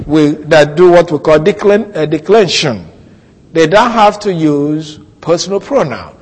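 A male Bible teacher delivering an expository lesson at a slow, deliberate pace. His voice sits a little higher than most men's, and it rings with a long hall reverb. He works through each point methodically. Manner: methodical, explains points step by step.

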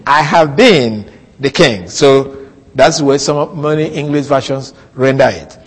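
A man's voice: medium pitch, measured pace, slightly rough, long reverb tail. A man giving expository Bible teaching and explaining his points methodically, step by step.

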